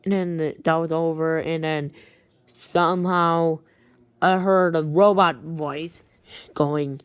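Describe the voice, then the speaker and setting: A woman casually retelling a strange story, halting often and restarting her sentences. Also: low voice, fairly even intonation, clear, resonant tone, dry recording. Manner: halting, with many restarts and repeated words.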